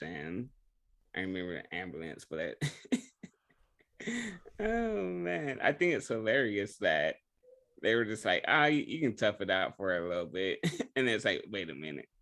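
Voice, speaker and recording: Excitable podcast co-host. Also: male voice, low voice. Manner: excited questions, stumbling restarts. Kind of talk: casual chat.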